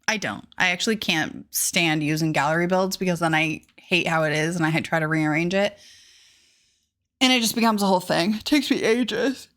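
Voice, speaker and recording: A bubbly young woman streamer chats casually, greeting viewers and gushing over what she sees. Her voice is bright and forward. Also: lowish voice, moderate pace. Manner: bubbly, gushing, reads chat aloud. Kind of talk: casual live-stream chat.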